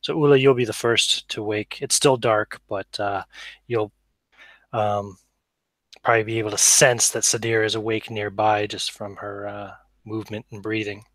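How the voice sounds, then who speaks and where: A man's voice: fairly low pitch, fairly even intonation, normal speed, fairly bright tone, dry recording. A man as game master, explaining the scene in an easygoing, casual way over a video call. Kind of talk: casual tabletop game talk.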